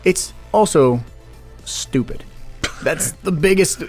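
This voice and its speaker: A man's voice: mid-range voice, animated, normal speed, soft background music. A man co-hosting a film podcast, giving blunt, offhand opinions in a casual chat. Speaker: podcast co-host.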